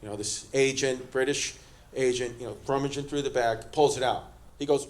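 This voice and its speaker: A man's voice: mid-range voice, steady tone, moderate pace. A man with a New York accent doing brash, profane stand-up and crowd work on a club stage, acting out the people in his stories. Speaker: stand-up comedian. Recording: live club audience. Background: audience laughter.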